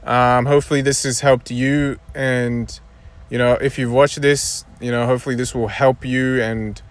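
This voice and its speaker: A man's voice: mid-range voice, level tone, normal speed, clear, resonant tone. A young man ranting casually to his viewers, exasperated and rambling, repeating himself and swearing. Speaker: YouTuber. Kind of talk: casual rant to camera.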